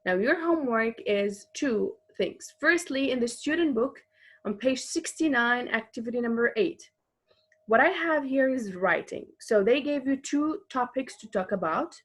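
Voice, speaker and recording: A woman's voice: a little high, animated. Patient woman teaching an English lesson. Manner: patient, explains slowly, repeats examples, frequent fillers. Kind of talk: recorded online grammar lesson.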